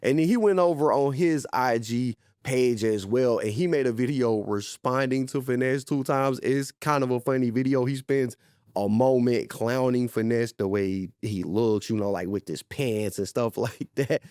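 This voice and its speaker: A man's voice: medium pitch, moderate pace, a little mellow, clean tone, no room sound. Man, casual commentary host, laid-back chatty delivery, dry close sound.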